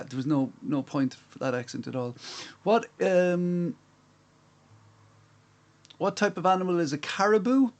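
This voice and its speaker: A man's voice: fairly high pitch, a little mellow. Chatty man hosting a quiz. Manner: chatty, self-mocking asides between questions. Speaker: quiz host. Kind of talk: live-streamed pub quiz. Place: room at home.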